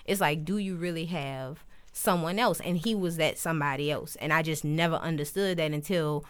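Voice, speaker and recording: A woman's voice: low voice, normal speed, clean tone. A young woman hosting a podcast, chatting casually and acting out the voices of people in her stories. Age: young adult. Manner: animated storyteller, acts out quoted voices. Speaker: podcast host. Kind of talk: casual conversation.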